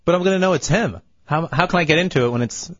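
A man's voice: fairly high pitch, quick pace, fairly bright tone, dry recording, highs cut off. A man who is a regular on a radio show, talking in casual banter, hesitant and sheepish.

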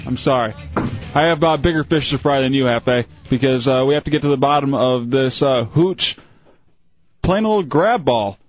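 A man hosts a radio call-in show, probing callers with hesitant restarts into a studio microphone. His voice is mid-range at a moderate pace, with faint music in the background and a dull radio-broadcast quality.

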